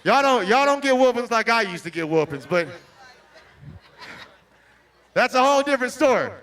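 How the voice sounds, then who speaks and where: Preaching to a young audience, this Christian motivational speaker has a very high, bright male voice with lively intonation and a moderate pace. He throws out questions and erupts into shouts, captured from far away from the microphone.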